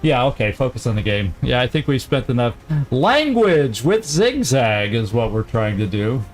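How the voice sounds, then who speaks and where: A man hosting a let's-play, chatting casually and thinking aloud as he plays, quick to laugh. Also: mid-range voice, very animated, soft background music. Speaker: gaming channel host.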